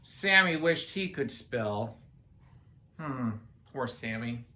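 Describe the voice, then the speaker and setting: Lady reading a picture book out loud, super lively up and down voice, chatty little asides for the kids. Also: rumbling low, takes it slowly. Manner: playful, chatty asides to young listeners. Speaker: children's story reader.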